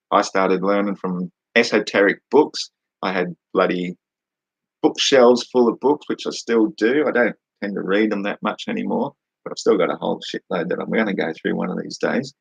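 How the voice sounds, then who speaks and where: A man's voice: lowish voice, husky, no room sound, muffled recording. An Australian man answering comments in a combative, mocking rant, blunt and full of swearing. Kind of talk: combative ranting monologue.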